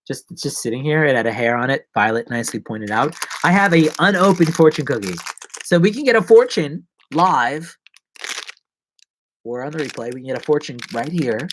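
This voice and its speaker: A man's voice: mid-range voice, a bit bright, slight background noise. A man hosting a casual live stream, rambling and joking as he chats to viewers from his seat at home. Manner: rambling, playful and jokey. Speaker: livestream host. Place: seated at home.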